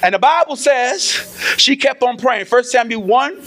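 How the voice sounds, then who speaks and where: High-voiced impassioned preacher man. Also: lively intonation, unhurried, a little hiss or hum. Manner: impassioned, repeats phrases and swells into shouts. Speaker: pastor. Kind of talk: sermon.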